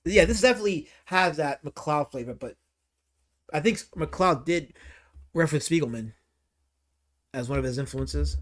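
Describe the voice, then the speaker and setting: Rambly guy streaming, high voice that jumps all over, swears a lot and gets worked up. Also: normal speed, pauses often. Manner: rambling, excitable, swears and exclaims often. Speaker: livestream host. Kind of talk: casual livestream commentary reading chat.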